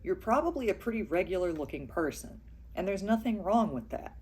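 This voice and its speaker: A woman co-host speaking earnestly and directly to one person, in a measured way. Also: lowish voice, lively intonation, a little mellow, slightly rough. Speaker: podcast co-host. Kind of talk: direct address to camera.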